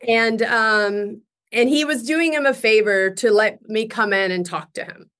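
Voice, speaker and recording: A young woman chatting as an interview guest, telling animated stories and laughing often. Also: fairly high pitch, a little slow. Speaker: guest actress. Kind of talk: casual interview chat.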